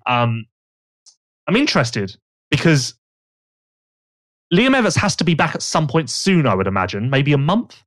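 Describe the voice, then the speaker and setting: A man's voice: fairly high pitch, big pitch swings, moderate pace, pauses often. A man co-hosting a podcast, chatting casually and teasingly about motocross racing, rambling with restarts. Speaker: podcast co-host.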